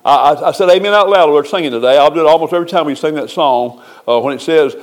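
Folksy preaching man, slightly high voice. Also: fast, few pauses. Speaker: pastor. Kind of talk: sermon.

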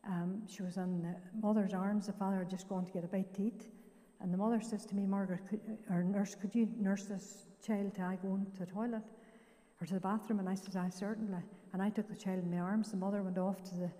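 A woman's voice: mid-range voice, fairly even intonation, fairly quick, dark tone, big-room sound. An older woman with a Northern Irish accent gives her testimony at a church service, telling her story plainly and acting out what each person said. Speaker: guest giving her testimony. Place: church hall.

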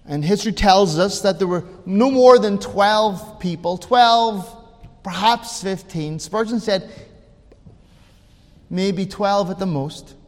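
A high-voiced man preaching a sermon at a slow, deliberate pace. His delivery swings from hushed words to ringing emphasis, with a long reverb trailing behind him in the hall. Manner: slow, dramatic, swings between quiet and loud. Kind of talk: sermon storytelling.

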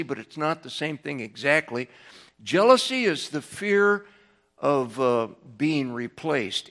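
A man preaching an evening Bible sermon in a folksy way, climbing in pitch and loudness to stress lists of words, then dropping low again. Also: vocal fry. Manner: folksy, with fillers and restarts. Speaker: pastor.

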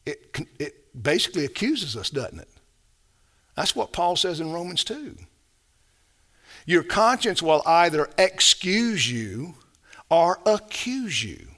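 Passionate preacher, high and rising to hush. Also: male voice, sing-song, slow pace, pauses often. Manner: passionate, rhetorical questions, dramatic swings from loud to hushed. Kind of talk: sermon.

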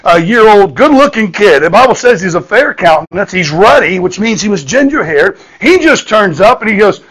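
A man's voice: sits high, sing-song, a little fast, hardly any pauses, a bit bright, breathy edge, poor audio. A man, preaching a sermon in a folksy storytelling manner, often repeating words and checking in with "okay?". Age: 50s.

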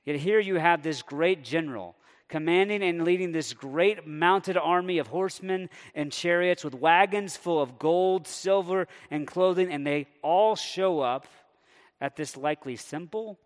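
A man preaching a sermon, animated and conversational, sometimes voicing a character's indignant thoughts. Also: fairly high pitch, measured pace. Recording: long hall reverb.

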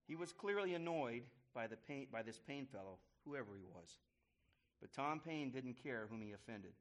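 A man reading a history story aloud to listeners, pausing to explain and correcting himself as he goes. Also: mid-range voice, lively intonation. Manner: pauses to explain and restart phrases.

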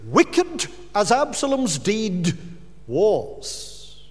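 A man's voice: high voice, huge pitch swings, drawn-out words, long reverb tail. A man preaching a sermon as pastor, earnest and pleading with his hearers.

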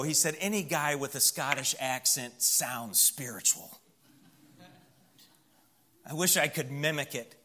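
A man's voice: a little high, bright, forceful tone. A man preaching a sermon in a church, building emphatic lists and acting out quoted voices in an anecdote. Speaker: pastor.

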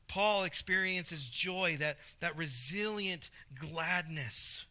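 A man's voice: on the high side, takes it slowly, sharp tone. A man preaching a conversational sermon, reading scripture aloud with emphasis and stumbling over restarts. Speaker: pastor.

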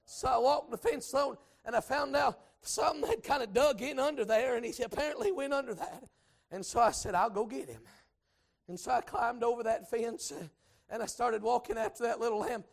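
A man preaching a storytelling sermon in folksy speech, swinging from hushed asides to shouted exhortation. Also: very high voice, brisk, vocal fry. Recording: church service with congregation responses. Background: congregation.

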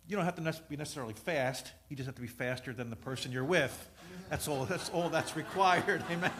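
Male pastor, middle-aged, high voice, storytelling sermon with loud peaks and quiet asides. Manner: storytelling, swings from loud preaching to soft asides.

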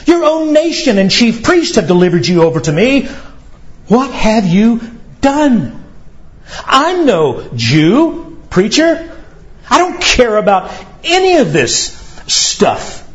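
A man's voice: high-pitched, sing-song, slow pace, highs cut off, voice pushed up, exaggerated voice. A man putting on a scoffing Roman governor. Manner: dismissive, incredulous questioning.

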